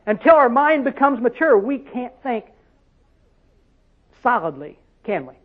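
Man, preacher, very high voice, folksy rhetorical sermon, tinny phone-like recording. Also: very animated, unhurried. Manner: folksy, rhetorical questions, dialect grammar.

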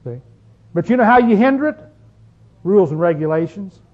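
A man with a high voice preaches a sermon, firing rhetorical questions at his listeners and stretching out the phrases he wants to land. The recording is dull and lo-fi. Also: lively intonation, darkish tone. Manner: emphatic, rhetorical questions to the congregation; drawn-out stress on key phrases.

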